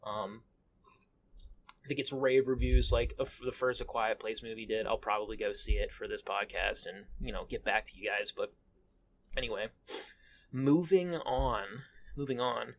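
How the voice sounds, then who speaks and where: Rambling young man podcaster, gravelly voice. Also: fairly low pitch, level tone, moderate pace, slight background noise. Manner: rambling, restarts sentences often. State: groggy, just woke up, coughing. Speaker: podcast host. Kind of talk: casual solo podcast talk.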